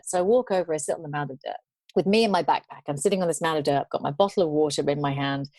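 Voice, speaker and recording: A woman tells her travel stories as a guest, her voice pitched a little low. She brings the tale to life by acting out the people she met. The recording is dry and close. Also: racing, no room sound. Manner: animated storyteller, acts out quoted voices. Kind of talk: storytelling interview.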